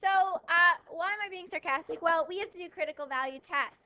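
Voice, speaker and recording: A woman teaching a math class, lively, asking questions and answering them herself, with a touch of dry sarcasm. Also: very high voice, fast, highs cut off. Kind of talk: classroom lecture.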